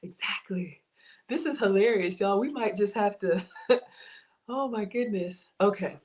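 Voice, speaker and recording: A woman's voice: mid-range voice, a little slow, a little mellow. A woman hosting a casual cooking livestream, chatty and bubbly, laughing often as she reads viewer comments aloud. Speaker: home cook livestream host.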